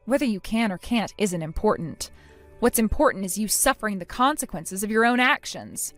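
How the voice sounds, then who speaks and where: A woman's voice: mid-range voice, animated, moderate pace, soft background music. A woman narrating a text-message story in the first person, indignant, cutting and firm.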